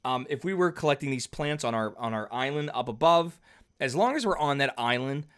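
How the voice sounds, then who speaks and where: A man at mid pitch teaches a math lesson as if standing at a board. He talks loosely and patiently, with fillers and frequent checks that the class is following. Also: a bit bright. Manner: conversational, checks in with "okay?" often, fillers. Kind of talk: whiteboard lecture.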